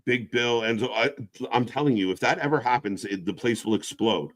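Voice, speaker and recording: A man hosts a live wrestling watch-along, talking a little fast in a loose, sarcastic, profane style. He keeps jumping between shouting and muttering quietly.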